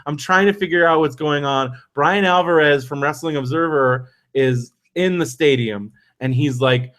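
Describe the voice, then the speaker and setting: A man hosting a podcast, telling a long story in a casual, animated way, acting out the people he quotes and using lots of fillers and restarts. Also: fairly high pitch, moderate pace, hardly any pauses. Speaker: podcast host.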